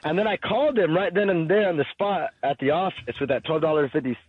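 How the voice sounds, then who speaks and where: A man's voice: on the high side, fast, slightly rough, no room sound. A man guest telling his story casually, acting out quoted talk with lots of fillers. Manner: animated storyteller, acts out quotes, frequent fillers. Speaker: podcast guest, fighter and businessman. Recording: tinny phone-like line.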